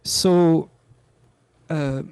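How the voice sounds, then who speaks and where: A French-accented man leads a meditation lesson over a video call, his high voice gravelly and mellow. He speaks slowly and earnestly, repeats his key phrases, and chuckles often. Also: steady tone, no echo. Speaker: meditation teacher. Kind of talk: live online class.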